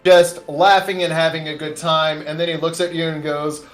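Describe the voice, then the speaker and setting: Game master, a man narrating a tabletop game on a call, easygoing and rambling, voice a bit high. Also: little pitch movement, moderate pace. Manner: casual, rambling, full of fillers. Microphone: online voice call.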